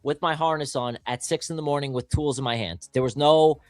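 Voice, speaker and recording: A man's voice: a little high, brisk, no room sound, faint music behind. A young man from the New York area, a guest trader in casual livestream chat, talking bluntly and emphatically and swearing freely.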